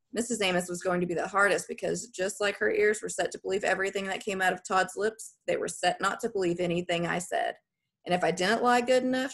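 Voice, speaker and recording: A woman's voice: medium pitch, vocal fry. A woman narrating a first-person story in a plain, folksy storytelling way. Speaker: audiobook narrator.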